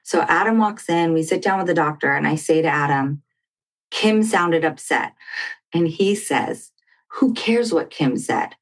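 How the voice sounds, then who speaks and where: Woman, low voice, guest, animated personal story, quoted dialogue. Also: normal speed. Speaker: podcast guest.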